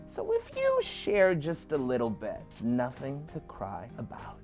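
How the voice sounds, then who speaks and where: Man, animated children's storyteller, pitch swinging widely, soft music under. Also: moderate pace. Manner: animated, playful.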